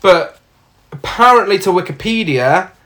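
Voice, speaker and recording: A podcast co-host tells the plot in a casual, sardonic way and swears freely. The pitch swings widely, which keeps the delivery animated. Lines from the film are acted out along the way. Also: unhurried.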